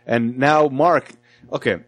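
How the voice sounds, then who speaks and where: A man's voice: medium pitch, fairly even intonation, slow, no echo. A loose, rambling man, dry sound. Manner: loose, rambling, self-correcting. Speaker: podcast host. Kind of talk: casual chat.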